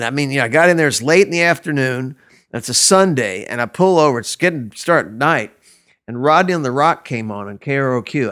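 A man's voice: mid-range voice, fairly bright tone. An older man talking as an interview guest in a medium voice. He tells long, rambling stories that wander off on tangents, and he acts out the people he quotes. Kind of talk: anecdotal storytelling.

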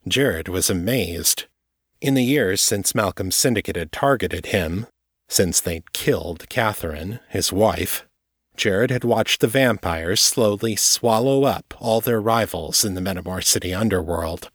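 A man reading his own novel aloud in steady, measured audiobook narration. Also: fairly low pitch, husky, dry recording, studio quality.

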